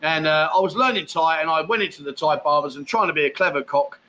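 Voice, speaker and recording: An English man hosting a laid-back livestream, his voice bright and forward with a slightly raised pitch. He talks bluntly and chattily, answering viewers and calling them mate. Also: fast. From England. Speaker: livestream host. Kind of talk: casual livestream chat answering viewer comments. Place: expat home in Thailand.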